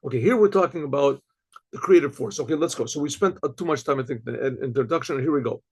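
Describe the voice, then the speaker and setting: An older man, a rabbi, giving an informal Torah lecture. He wanders off on tangents, repeats phrases for emphasis, keeps saying "okay, so" and often clears his throat. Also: mid-range voice, fast, darkish tone. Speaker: rabbi teaching a class.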